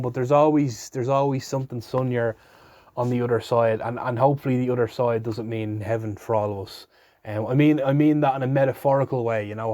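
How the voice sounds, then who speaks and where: A man's voice: medium pitch, mellow, dry recording. A young man hosting a solo podcast, rambling casually with jokes and swearing. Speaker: podcast host.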